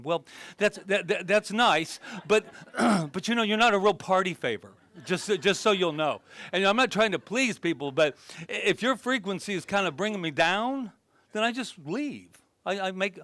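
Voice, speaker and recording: A male minister preaching in a loose, conversational way, mixing self-deprecating jokes with earnest points. His voice sits a bit higher than most men's and jumps from loud, excited bursts down to near-whispered emphasis. The sound is close and dry, with no room echo. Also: moderate pace. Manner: humorous, self-deprecating storytelling; animated, swings between loud and hushed. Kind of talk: conversational sermon.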